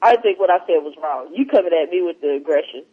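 A man hosting a podcast, telling stories in a casual, animated way with lots of laughter and swearing. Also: on the high side, fast talker, slightly rough. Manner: animated, laughing often, profane. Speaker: podcast host. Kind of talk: casual chat, storytelling. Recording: dull lo-fi podcast audio.

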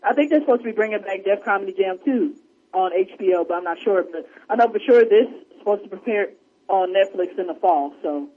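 Guy cohosting a podcast, high-ish voice, dull lo-fi recording. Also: brisk, husky. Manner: animated storyteller, acts out quotes in a higher voice. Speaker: podcast co-host. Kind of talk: casual chat. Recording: dull lo-fi sound.

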